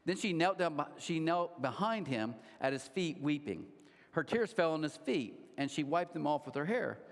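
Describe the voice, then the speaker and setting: A man's voice: a little high, moderate pace. Man preaching in a reverberant church hall. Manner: conversational storytelling, animated asides. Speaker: pastor. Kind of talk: sermon. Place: large church auditorium.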